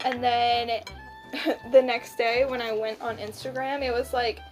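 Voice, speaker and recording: A woman's voice: fairly high pitch, little pitch movement, unhurried, faint music behind, poor audio. A young woman as a guest in a casual chat, laid-back and wry, poking fun at herself. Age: young adult. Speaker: guest, host's best friend.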